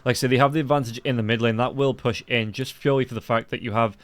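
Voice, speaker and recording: A man casting an esports match with play-by-play commentary, his voice rising quickly as the fights heat up. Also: medium pitch. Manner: rapid, rising excitement during fights. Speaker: esports caster.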